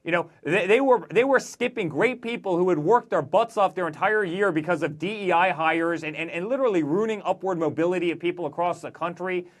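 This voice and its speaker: A man in his forties, a guest author in a political interview, talking emphatically in rapid-fire lists. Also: sits high.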